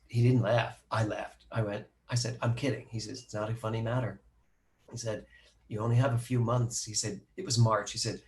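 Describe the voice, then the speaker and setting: A middle-aged man, a minister, telling a personal story to a live audience, animated and acting out the voices of the people he quotes. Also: mid-range voice. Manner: animated, acts out quoted voices, laughs at himself.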